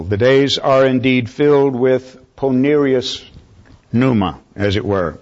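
A man's voice: mid-range voice, darkish tone. Earnest male preacher, lo-fi recording. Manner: unhurried, earnest, calls for amens. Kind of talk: sermon. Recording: slightly dull lo-fi recording.

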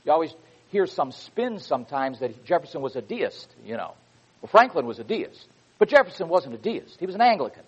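Male preacher, emphatic sermon delivery, husky tone, slightly muffled recording. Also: fairly high pitch, very animated, brisk. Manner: emphatic, reads quotations with rising fervor.

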